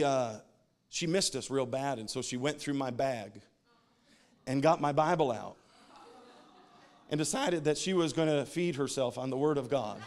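A man in his thirties preaching a sermon as a pastor, telling funny family stories and laughing at his own jokes. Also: medium pitch.

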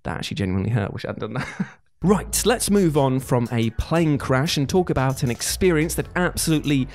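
A man's voice: medium pitch, lively intonation, brisk, a little mellow. A man giving a sweary, sarcastic scripted comedy voice-over as a video host.

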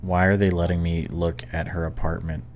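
A man narrating his own horror-game playthrough in casual commentary, low-pitched and often hushed. He sounds jumpy and chatty and swears now and then. A faint background hiss runs under his voice. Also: level tone, brisk. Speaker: let's-play gamer.

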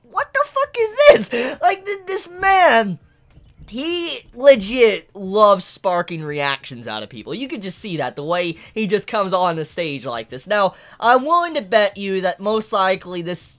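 A woman reviewing a manga chapter in casual commentary, excitable, laughing often and swearing freely. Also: moderate pace, few pauses. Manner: animated pitch jumps.

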